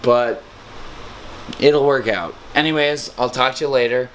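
A man gives a loose, rambling update, sounding worn out and a little tipsy. He talks at an ordinary pitch from inside a friend's house, where a faint air-conditioner hum runs behind him. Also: unhurried, fairly bright tone. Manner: tired, rambling, a bit tipsy. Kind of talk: casual vlog update.

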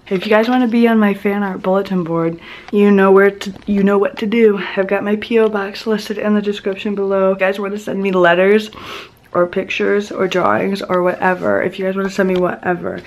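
A woman's voice: mid-range voice, fairly even intonation, a little fast. A young woman vlogging to camera, gushing and emotional, and sick and near tears. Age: young adult. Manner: gushing, emotional, says "oh my gosh" often. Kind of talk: casual vlog to camera.

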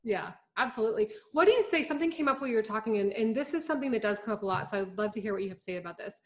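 A woman hosting a casual conversation, talking in a relaxed way with fillers and agreement sounds. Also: mid-range voice, rapid-fire. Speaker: host.

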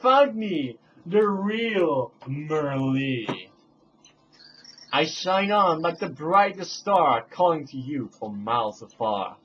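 A man's voice: fairly high pitch, sing-song, slow, a bit bright, slight background noise, full character voice. A man voicing two rival female fairy guides who trade rhyming insults in a singsong voice. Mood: theatrical. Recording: dull lo-fi home recording.

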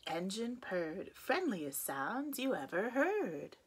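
A woman, a preschool teacher, reading a children's picture book aloud with expressive, sing-song phrasing. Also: mid-range voice, a little slow, slightly rough.

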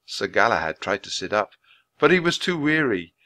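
Expressive male storybook reader. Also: fairly low pitch. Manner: clear, expressive, measured reading. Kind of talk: reading a children's book aloud for ESL learners.

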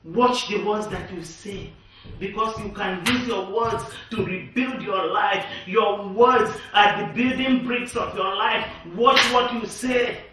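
A woman's voice: mid-range voice, slow, noisy background. A woman preaching a sermon in repetitive, emphatic declarations. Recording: echoey room, distant mic.

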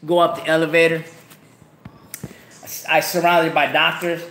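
Loud profane man. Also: on the high side, level tone, unhurried, a little hiss or hum. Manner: profane, loud street slang. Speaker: podcast host. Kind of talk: casual storytelling. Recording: echoey room.

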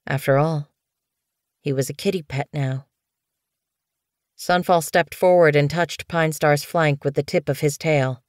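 A woman narrating an audiobook in a steady, even storytelling manner. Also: sits low, measured pace, long pauses, no room sound, studio quality. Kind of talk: scripted narration.

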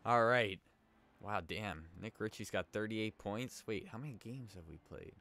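A man's voice: lowish voice, unhurried, pushed and bright. A man giving casual, rambling commentary while playing a hockey video game, reacting to each save. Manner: chatty, rambling, reacts to plays. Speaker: let's play host.

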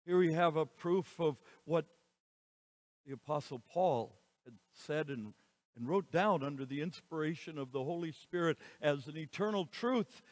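A man giving a sermon as pastor, moving between quiet passages and loud, emphatic lines. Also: on the high side, normal speed, dry recording. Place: church.

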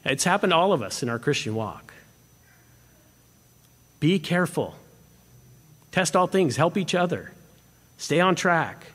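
A man preaching a sermon as pastor, animated and swinging between emphatic points and hushed moments. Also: a little high, measured pace, long pauses, breathy edge. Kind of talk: expository sermon. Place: church sanctuary. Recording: long hall reverb.

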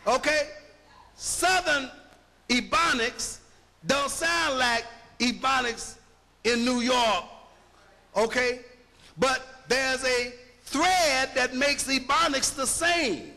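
A man's voice: very high-pitched, takes it slowly, creaky, pauses often, bright, forceful tone, in a large hall. An American man giving an emphatic public lecture, firing rhetorical questions and spelling words out letter by letter.

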